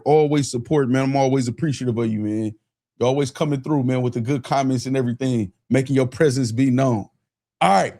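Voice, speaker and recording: A man hosting a casual livestream, excitable and profane, shouting out chat and repeating himself. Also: mid-range voice. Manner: profane, laughing. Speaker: livestream host.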